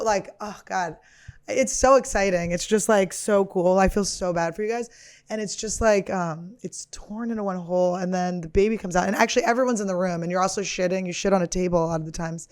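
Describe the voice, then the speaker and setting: A woman's voice: on the low side, a little mellow. A woman in her thirties hosting a podcast, riffing through a casual comedic monologue in a crude, rambling, profane and self-mocking way. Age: 30s.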